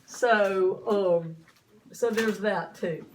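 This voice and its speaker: A woman's voice: mid-range voice, drawn-out words, a little hiss or hum. A woman teacher giving a chatty classroom lecture, often asking her students questions.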